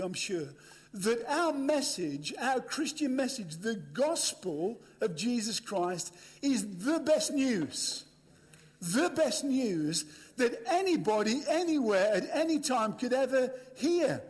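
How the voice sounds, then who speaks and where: Lively British preacher, high voice. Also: male voice. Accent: British English. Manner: chatty, humorous, addresses the audience. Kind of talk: storytelling sermon. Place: large hall with a live audience. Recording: echoey hall.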